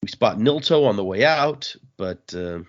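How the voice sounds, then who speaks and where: A man hosting a podcast, recapping a comic in a relaxed, rambling chat full of fillers. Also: fairly low pitch, measured pace. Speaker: podcast host. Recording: dull lo-fi sound.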